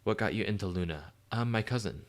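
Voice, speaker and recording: Taking chat questions on his stream, a man talks in an excited, casual ramble packed with fillers. His voice is on the low side and his pace is quick.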